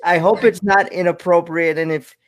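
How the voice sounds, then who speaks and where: A man hosting an interview, who speaks haltingly, repeats his words and gets emotional at times. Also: a little high, steady tone. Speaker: interview host. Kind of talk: casual interview chat.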